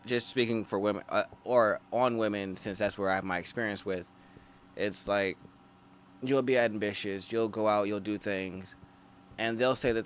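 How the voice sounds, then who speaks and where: A man co-hosting a podcast, talking through his views in a measured way with many restarts. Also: fairly low pitch, a little hiss or hum. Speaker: podcast co-host. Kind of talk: casual podcast chat.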